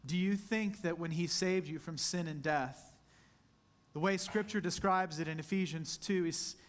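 A male pastor preaching a sermon, earnest and intimate, slowing down to dwell on scripture and addressing the congregation directly. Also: a little high.

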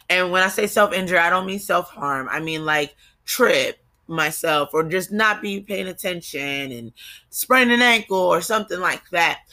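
A woman's voice: fairly low pitch, pushed and bright. A young woman with a New Jersey accent hosting a solo podcast, talking candidly in a confessional way with frequent ums and restarts. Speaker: podcast host. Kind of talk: casual solo podcast monologue.

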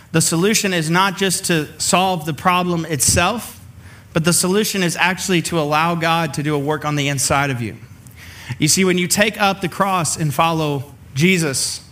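A man's voice: high-pitched, sharp tone. A man preaching a sermon in a conversational way, acting out the people in the story as he goes. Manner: conversational, acts out the figures he quotes. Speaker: pastor.

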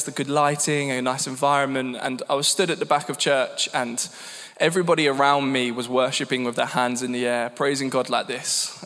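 A man's voice: mid-range voice, a bit bright. A man in his thirties from England giving a candid, self-deprecating personal testimony at a church gathering. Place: church hall. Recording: long reverb in a church hall.

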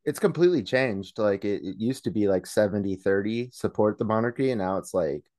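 A man's voice: fairly low pitch, lively intonation, fairly quick, a little mellow, no room sound, clean studio sound. A man co-hosting a podcast in casual chat, crude and joking, laughing often. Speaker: podcast co-host.

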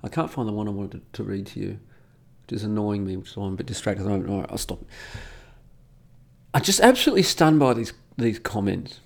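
A man's voice: fairly low pitch, expressive, quick pace, creaky. A middle-aged man in a casual monologue, indignant and emphatic, repeating words for effect. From Australia. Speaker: commentator. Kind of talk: casual monologue reading comments.

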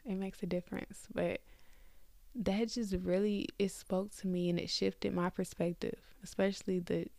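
A woman's voice: medium pitch, steady tone, moderate pace, gravelly, warm tone, no room sound. A young woman hosting a faith podcast, talking candidly and conversationally to her listeners from her bed at home. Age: young adult. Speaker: podcast host.

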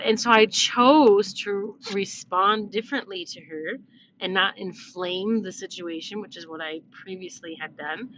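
A woman's voice: mid-range voice, a bit bright. Middle-aged woman, casual reflective vlogger, chatty with fillers; slightly muffled, faint noise behind. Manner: chatty, many fillers and restarts. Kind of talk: casual reflective talk to viewers.

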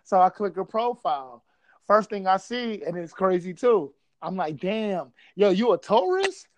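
A man's voice: sits high, big pitch swings, measured pace. A man from Buffalo telling a casual story, swearing freely and acting out quotes. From Buffalo, New York.

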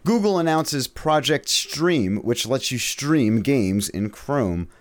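A man's voice: medium pitch, expressive, slow pace. A man co-hosting a casual gaming podcast, reading news items aloud in a loose, profane way. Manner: reads headlines, loose and profane.

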